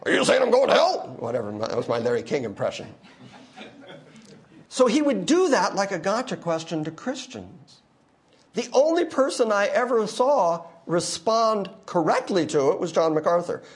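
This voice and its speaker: A man preaching to a congregation in a lively, animated voice that rises and falls. He is emphatic, dropping low for asides and climbing high for forceful declarations. His voice sits a little above the usual male pitch. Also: normal speed. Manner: emphatic, swings from quiet asides to loud declarations. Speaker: pastor. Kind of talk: sermon.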